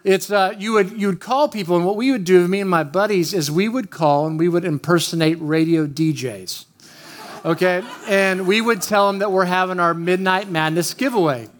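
A man preaches in a light, high voice. He opens with a casual, joking personal story and keeps talking straight to the people in front of him. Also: moderate pace. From Oklahoma, USA. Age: 50s. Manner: chatty, joking, talks straight to the room. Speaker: pastor. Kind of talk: storytelling sermon.

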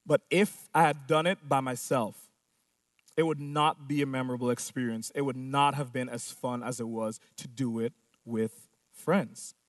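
A man preaching a sermon who asks rhetorical questions and slows down to stress key points. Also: mid-range voice, steady tone, dry recording, studio quality, recorded from a distance.

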